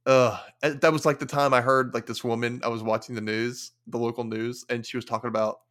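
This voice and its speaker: A young man hosting a podcast, casually recapping an episode with animated storytelling and wry quoted asides. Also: mid-range voice, fairly quick. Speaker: podcast host.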